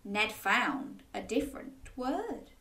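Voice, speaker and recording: A woman reading a picture book aloud to children in an animated, interactive way, asking them to join in. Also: mid-range voice, slow pace, roomy sound. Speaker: children's storyteller.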